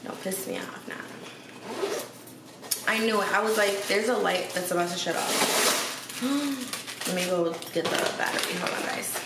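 This woman's medium-pitched voice is sing-song and gravelly, and she keeps a measured pace with long pauses. She's vlogging at home with casual, sassy, slang-heavy chat aimed right at her audience. Expect echo, noise, and distance from the mic.

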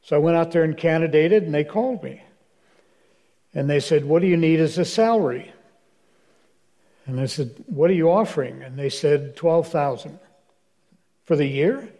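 A man's voice: fairly high pitch, animated, moderate pace, pauses often, dark tone. An older man, a minister, telling wry anecdotes at a church question-and-answer session, acting out the dialogue. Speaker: guest speaker, minister. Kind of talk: storytelling in a church Q&A. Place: church hall.

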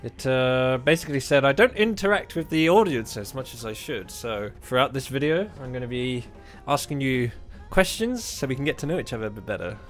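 A man giving jokey let's play commentary, breaking into loud swearing outbursts when startled. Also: mid-range voice, animated, fairly quick, hardly any pauses, faint music behind. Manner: jokey self-mocking chatter. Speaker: gaming YouTuber.

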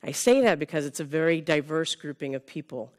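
A woman's voice: deep voice, animated, brisk. Conversational woman keynote speaker in her fifties. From Sonoma County, California. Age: 50s. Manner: conversational, with frequent "right?" tags to the audience. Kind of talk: conference keynote talk. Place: conference room with a live audience.

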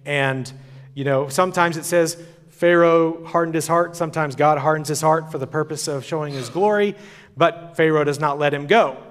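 Higher-voiced man preaching in a reverberant hall. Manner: casual, conversational storytelling. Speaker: conference speaker. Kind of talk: sermon.

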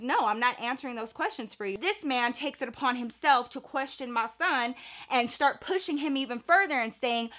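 A woman vlogger telling a personal story in an animated, slangy way. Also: sits high, normal speed. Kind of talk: story time vlog.

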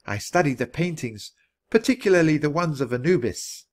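A man voicing a polite, earnest young Victorian woman who talks gently about what fascinates her. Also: on the high side, lively intonation, moderate pace, voice pushed up, lightly acted.

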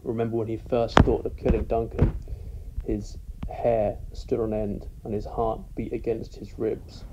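Slow, gravelly British teacher. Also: male voice, mid-range voice, mellow, a little hiss or hum, low-quality recording. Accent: British English. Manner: measured, deliberate, stressing key words. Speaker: literature teacher. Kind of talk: recorded lesson.

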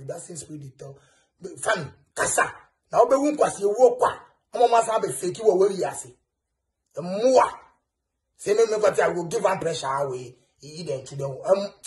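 A Ghanaian man ranting in a taunting way, mixing English, pidgin and Twi. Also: high-pitched. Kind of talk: ranting video message.

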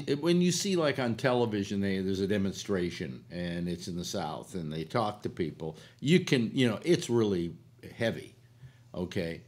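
Older man from California, low-pitched voice with a lively, swinging intonation. He hosts a casual on-air chat and rambles along, stringing thoughts together with plenty of "uh" and "you know.". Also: normal speed. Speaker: radio show host.

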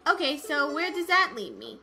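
A young woman giving casual let's-play commentary, excitable and easily scared, with squeals and laughs. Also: high voice, normal speed, a little hiss or hum.

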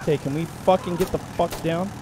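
A young man streaming live gameplay, talking to his chat and teammates, excitable and profane, often breaking into shouts. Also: fairly high pitch, a little fast, noisy background. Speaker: game streamer; military veteran gamer.

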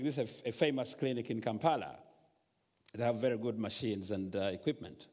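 A man's voice: lowish voice, a little fast, darkish tone. A man preaching a sermon as a guest, telling a story and then urging the congregation to speak to their troubles. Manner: storytelling, rising to exhortation. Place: large church hall. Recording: long church hall reverb.

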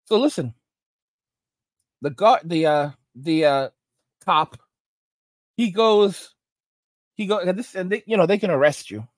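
A man hosting a commentary channel, telling stories in a halting, rambling way full of restarts and preaching about manners. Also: sits high, lively intonation, dry recording. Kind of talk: reaction commentary monologue.

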